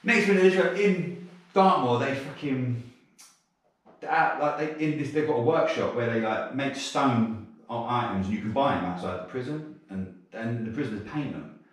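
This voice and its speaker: A man with a South London accent tells stories in a loose, sweary, animated way, often breaking into laughter. His voice sits in the middle of the usual range for a man. The mic is some distance from him, and the room around him rings with heavy echo. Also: medium pitch, normal speed. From South London, England. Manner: sweary, animated anecdote-telling with bursts of laughter. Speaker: podcast guest. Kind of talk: casual storytelling interview.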